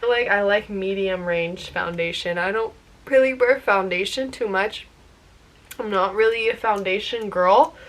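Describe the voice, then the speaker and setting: A woman's voice: medium pitch, bright, forceful tone. A woman chatting playfully while doing her makeup, going off on tangents and asking rhetorical questions. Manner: rhetorical "guess what" questions. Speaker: beauty vlogger.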